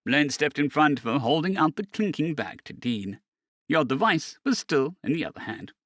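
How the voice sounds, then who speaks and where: A male narrator in a steady storytelling manner, with a lively, varied pitch that sits somewhat high for a man. The recording is close and dry. He reads a scripted story. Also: normal speed, dry recording.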